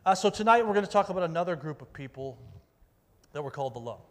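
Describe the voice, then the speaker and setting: A male youth pastor gives a casual sermon, upbeat and chatty, and he keeps rallying the crowd. His voice sits a little higher than most men's. It rings out with the long reverb of a large meeting hall. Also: animated, fast. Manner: upbeat, rallies the audience, calls out for volunteers. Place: church meeting room with an audience.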